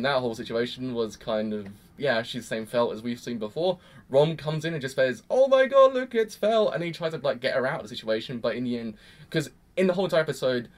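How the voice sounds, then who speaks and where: A young man rambling through an emphatic, exasperated reaction review. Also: a little high. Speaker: anime reviewer. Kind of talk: casual reaction commentary.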